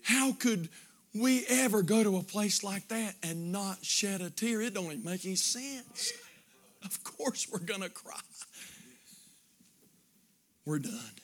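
A man pastor, preaching a sermon that swings from shouted fervor to hushed pleading in an altar call. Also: high voice, animated, takes it slowly, pauses often.

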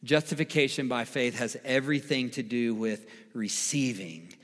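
A man preaching a sermon as pastor, emphatic, repeating key phrases and swinging between quiet and loud. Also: medium pitch, normal speed. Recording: long reverb of a large hall.

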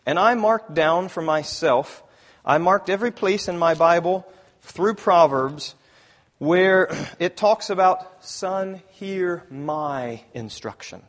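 A man preaching a sermon who reads scripture aloud, rises to loud emphasis, often clears his throat and corrects himself. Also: high voice, slow.

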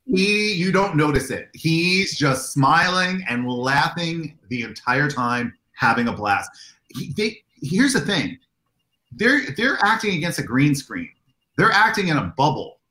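Animated man telling stories in a roomy echo. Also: a little high, a little slow. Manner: animated, enthusiastic storyteller who acts out dialogue. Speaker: convention organizer, guest. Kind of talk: anecdotal interview storytelling.

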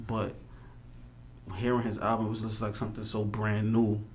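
A man speaking as a rapper guest on a casual podcast, soft-spoken and often asking "you know what I'm saying". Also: lowish voice, monotone, normal speed, a little hiss or hum.

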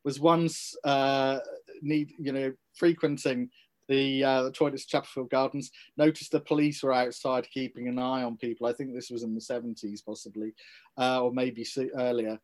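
A man with a mid-pitched voice shares history in a relaxed podcast chat. He is unhurried and easygoing, often hesitating on "uh" and "you know" as he spins his anecdotes. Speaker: local historian and podcast co-host. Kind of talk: casual podcast storytelling.

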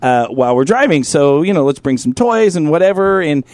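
A man's voice: a little high, expressive, brisk, a little mellow, dry recording. A man hosting a studio podcast, swearing freely and laughing often as he banters. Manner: profane, blustery, laughs often. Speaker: podcast host. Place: studio before a live audience.

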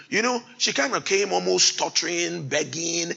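A man preaching a sermon, quoting scripture and rising to loud, emphatic exhortation. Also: sits high, animated, moderate pace, vocal fry, hardly any pauses, breathy edge, poor audio.

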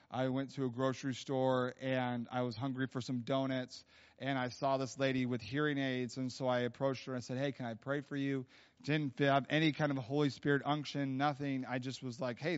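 Animated casual preacher man, dull sound. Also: medium pitch. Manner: casual, animated storytelling with many fillers. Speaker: guest preacher. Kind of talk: storytelling sermon. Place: church hall.

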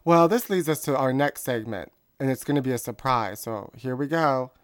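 A man's voice: mid-range voice, normal speed, no echo, studio quality. A man co-hosting a comedy show, chatting in a sassy, gossipy way. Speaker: co-host. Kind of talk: casual comedy chat.

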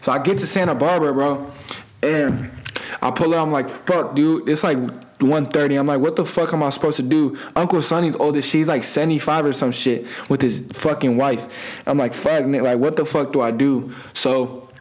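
A young man with a slightly high voice tells a wild party story in loose, profane slang. He rambles, restarts his sentences and laughs at his own tale. The delivery is casual and unpolished. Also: steady tone, a little fast, darkish tone. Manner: laughs while telling. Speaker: guest storyteller.

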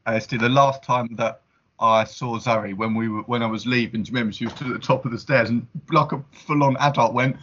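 A man's voice: medium pitch, fairly even intonation, a little fast, fairly bright tone, muffled recording. Easygoing man leading a fan podcast. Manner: easygoing, steering the talk. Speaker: podcast host. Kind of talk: casual chat.

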